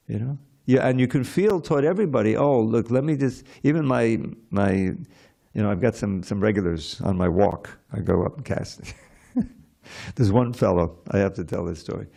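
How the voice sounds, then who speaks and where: A man teaching a scripture class at a temple in a conversational, digressive way, with soft chuckles. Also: fairly low pitch, gravelly. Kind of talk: informal scripture lecture.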